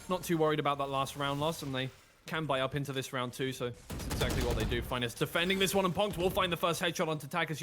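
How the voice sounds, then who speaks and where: A man calls an esports match play by play, his slightly high voice quickening and rising whenever the action heats up. He sounds like a headset mic, with a faint hiss underneath. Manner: excitable, pitch rising sharply in big plays. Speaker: esports caster. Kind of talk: play-by-play commentary.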